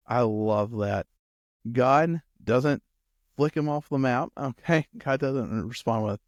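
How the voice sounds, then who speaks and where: A male campus pastor giving a lively sermon who acts out quotes and addresses his listeners directly. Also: medium pitch, slow pace, no echo, studio quality.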